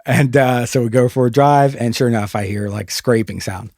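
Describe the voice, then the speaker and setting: A man's voice: mid-range voice, normal speed, a little mellow, no echo, clean studio sound. A man hosting a podcast, telling an awkward story in a casual, self-mocking way and laughing easily. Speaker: podcast host.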